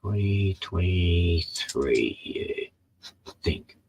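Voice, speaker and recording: A man with a low voice mumbles slowly and hesitantly while he livestreams from his computer. His speech is loose and casual. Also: expressive, a little mellow, slight background noise, low-quality recording. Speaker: streamer. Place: indoors at a computer.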